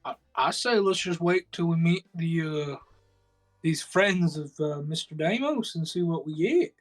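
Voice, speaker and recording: A man's voice: a little high, lively intonation, a little slow, soft background music. A man voicing a deferential male orc keeper, his put-on accent drifting from British into a Southern drawl. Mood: reassuring.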